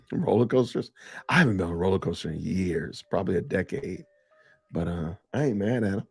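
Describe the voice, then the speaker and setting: A man's voice: low voice, a little fast, gravelly, a little mellow, breathy edge, no echo, soft background music. A middle-aged man hosting a casual live-stream podcast, chatting loosely and reacting to viewer comments. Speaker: podcast host.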